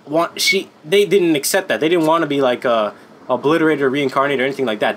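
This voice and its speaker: A man giving a casual, unscripted anime review, excitable and rambling, swearing constantly and filling gaps with "like.". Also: medium pitch, a little hiss or hum. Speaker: anime YouTuber.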